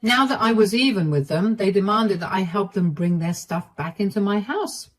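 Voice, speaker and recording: A woman's voice: medium pitch, moderate pace, poor audio. Woman narrating a family feud story. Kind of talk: first-person story narration.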